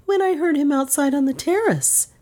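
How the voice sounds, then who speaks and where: A woman's voice: high voice, sing-song, unhurried, darkish tone, voice pushed up. A woman voicing a scared young woman who answers weakly under questioning. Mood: frightened. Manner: weak, frightened. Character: frightened young woman on the edge of hysteria.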